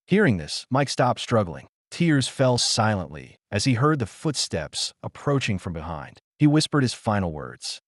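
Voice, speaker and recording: A man's voice: mid-range voice, sing-song, moderate pace, hardly any pauses, no room sound, clean studio sound. A man narrating a scripted dramatic story, with emphatic delivery.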